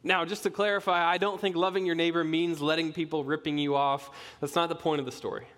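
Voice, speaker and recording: A young man preaches to his congregation, mixing light self-deprecating jokes into a conversational sermon. His voice sits a little higher than most men's. It carries a long reverb from the church sanctuary around him. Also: fast talker. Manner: conversational, self-deprecating humor, animated storytelling. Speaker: pastoral resident. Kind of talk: sermon with personal storytelling.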